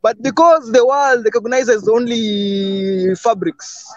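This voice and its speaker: A man's voice: very high voice, takes it slowly, lo-fi sound, slight background noise. A man from East Africa arguing his point in a casual panel discussion, emphatic and insistent. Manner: emphatic, argumentative.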